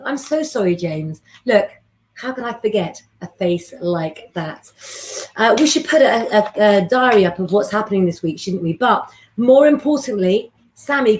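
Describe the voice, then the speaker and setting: A woman's voice: medium pitch, expressive, normal speed, slight background noise. A woman, hosting a live astrology stream and chatting with viewers in a rambling way. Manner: warm, chatty, rambling, gives readings to viewers by name.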